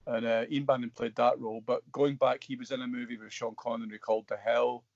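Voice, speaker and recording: A man's voice: medium pitch, a little fast, creaky, no room sound. Scottish man telling a rambling story. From Scotland. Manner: rambling, restarts, animated retelling. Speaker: guest actor. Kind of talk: storytelling in an interview. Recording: dull dry lo-fi sound.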